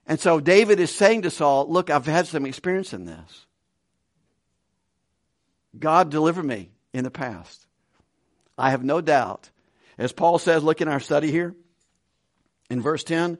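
A man preaching a conversational Bible study sermon with animated delivery and frequent chuckles. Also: fairly high pitch, no echo, studio quality. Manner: conversational, animated, laughs between points.

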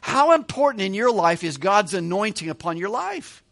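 High-voiced man teaching a Bible passage. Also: sing-song, moderate pace, creaky, fairly bright tone. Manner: conversational, joking asides, chuckles often. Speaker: pastor.

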